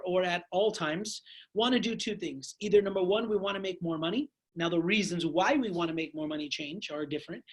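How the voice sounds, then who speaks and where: A man giving an energetic motivational training talk to his sales team, speaking to them as "guys" and telling stories full of quoted dialogue. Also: high-pitched, husky. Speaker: network marketing team trainer.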